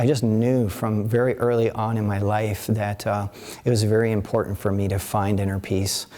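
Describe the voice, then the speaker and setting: A man's voice: fairly low pitch, a little mellow. A man in his fifties teaching a live workshop, talking in a rambling, conversational way with many restarts and asides. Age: 50s. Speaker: qigong teacher leading a workshop. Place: events center before a live audience.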